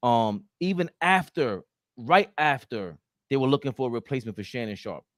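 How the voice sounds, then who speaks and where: A man co-hosting a casual sports podcast, talking in slangy, emphatic bursts with loud outbursts. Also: mid-range voice, animated, moderate pace, dry recording, clean studio sound. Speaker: podcast co-host.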